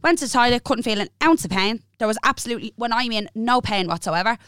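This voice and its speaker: A woman's voice: fairly high pitch, fast talker, a bit bright, clear, resonant tone, dry recording, clean studio sound. A woman in her twenties with an Irish accent, co-hosting a casual podcast and telling a personal story frankly and with lots of animation, swearing freely. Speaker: podcast co-host.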